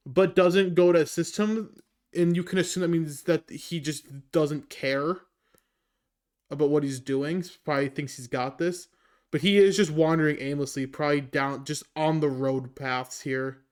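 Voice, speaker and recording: A man's voice: fairly high pitch, a little slow. A man narrating as game master, describing scenes loosely with many fillers.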